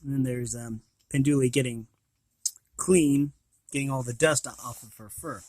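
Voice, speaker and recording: A man's voice: medium pitch, fairly even intonation, moderate pace, darkish tone, dry recording. A man reading a children's picture book aloud, stopping to describe the pictures and restarting words. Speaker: reader of children's books.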